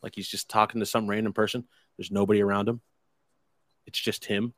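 A man's voice: on the low side, level tone, a little fast, a bit bright, no room sound. A man casually telling a long, rambling anecdote, swearing freely and wry about it. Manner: profane, rambling, wry storytelling with quoted dialogue.

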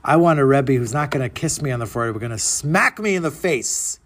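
A man's voice: medium pitch, expressive, a little fast, a bit bright. A man doing an earnest, resolute scholar.

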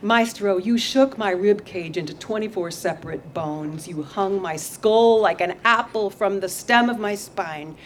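A woman poet reads her work aloud outdoors, unhurried and deliberate. Her delivery swings between fierce intensity and dry self-mockery. Faint ambient sound sits behind her. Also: mid-range voice, slight background noise. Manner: intense and dramatic, turning wry and self-mocking. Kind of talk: live poetry reading. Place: outdoor backyard venue.

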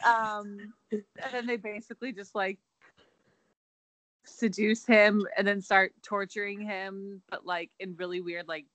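A woman's voice: medium pitch, little pitch movement, a little slow, fairly bright tone, no room sound, low-quality recording. A young woman co-hosting a casual chat podcast, chatty and playful, filling her talk with "like". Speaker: podcast co-host.

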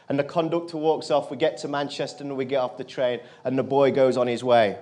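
A man's voice: fairly even intonation, fairly quick. A man, speaking earnestly to an audience as a motivational speaker and telling a personal story. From England. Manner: earnest, drops his voice low and quiet for quoted lines.

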